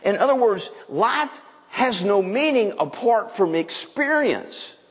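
A man's voice: sits high, animated, slow pace. Emphatic male pastor in a reverberant hall. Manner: emphatic, frank preaching with repeated restarts. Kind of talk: sermon.

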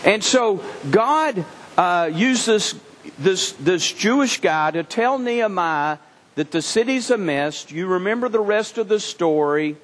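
A man preaching a sermon, telling a scripture story in an animated way and often repeating words as he restarts. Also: high-pitched, unhurried. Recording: long reverb from a hall.

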